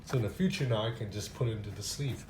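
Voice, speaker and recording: A man's voice: fairly low pitch, fast talker, background noise. A man reviewing a gadget in a casual unboxing, talking loosely with many fillers and restarts.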